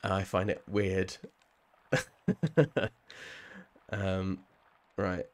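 A man's voice: low voice, monotone, very slow. A man with a southern English accent, chatting casually with viewers while playing a game on a live stream, rambling and laughing often. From southern England.

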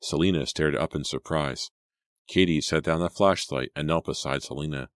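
A man with an extremely deep voice narrates a suspense audiobook in a measured, steady manner. The recording is dry and close, with no room sound. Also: no echo. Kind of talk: dramatic audiobook reading.

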